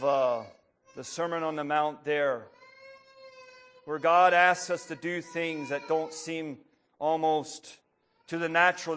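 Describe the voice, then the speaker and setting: A man preaching a sermon who reads a story aloud, then speaks plainly with pauses and fillers, clearing his throat often. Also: fairly high pitch, a bit bright.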